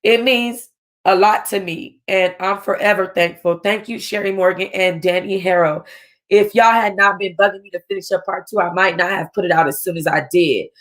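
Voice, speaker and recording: A woman reading a novel aloud in an expressive way, with chatty asides to her listeners. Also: mid-range voice, moderate pace. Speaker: audiobook reader.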